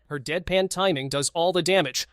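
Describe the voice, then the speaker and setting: A man's voice: fairly high pitch, moderate pace. A man giving short, punchy scripted voice-over narration for a celebrity clip compilation. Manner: short punchy commentary lines. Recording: loud background noise.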